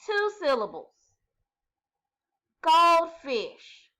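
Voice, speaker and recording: Teacher woman, slow careful phonics drill, bright animated voice. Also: extremely high pitch. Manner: patient, sounds out each letter slowly. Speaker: first grade teacher. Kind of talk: slow, clearly articulated classroom instruction.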